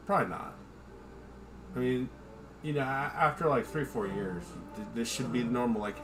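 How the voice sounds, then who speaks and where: Brisk and fairly bright in tone, this man's medium-pitched voice carries over slight background noise. Hosting a home livestream while drinking, he rambles, curses freely, jokes at his own expense, and talks to his dog.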